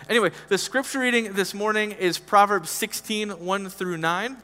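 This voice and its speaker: A man's voice: high-pitched, pushed and bright. A man preaching a sermon in a conversational, joking way with asides to the congregation. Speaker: pastor. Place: church hall. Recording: reverberant hall with faint music.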